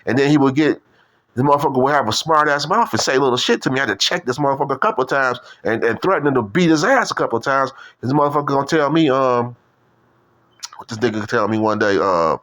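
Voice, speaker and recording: A man rambles on in a loose, profane monologue. He leans on street slang, repeats himself and keeps circling back. His voice sits at an ordinary middle pitch for a man. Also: animated, quick pace, a bit bright. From Detroit. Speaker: video commentator.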